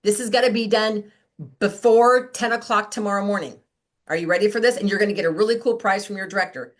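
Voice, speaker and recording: Woman, middle-aged, motivational team call, chatty, animated. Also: mid-range voice, fast. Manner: chatty, animated, acts out quoted voices. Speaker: sales director hosting a team call.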